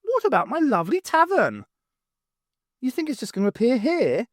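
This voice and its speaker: A woman's voice: high voice, wildly swooping pitch, normal speed, no echo, studio quality, voice pushed up, full character voice. A woman voicing a plump, earthy female cook who is blunt and sarcastic. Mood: teasing.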